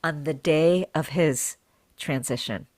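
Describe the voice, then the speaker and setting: Podcast guest, female healer with a low voice, earnest, heartfelt, acts out the dialogue in her story. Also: takes it slowly. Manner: animated, acts out her own and others' words; earnest and heartfelt, repeats phrases for emphasis. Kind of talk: emotional personal storytelling.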